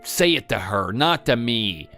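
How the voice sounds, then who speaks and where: A defensive, accusing grown son, voiced by a man, blames his mother in a text-story drama. His mid-pitched voice moves with lively inflection over faint music. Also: a little slow, exaggerated voice. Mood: resentful.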